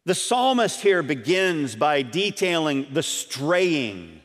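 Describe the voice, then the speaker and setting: A high, animated preaching man in a reverberant church. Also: takes it slowly, hardly any pauses. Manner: earnest preaching with emphatic repeats and questions to the congregation. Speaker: pastor. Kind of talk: sermon. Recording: long reverb of a church hall.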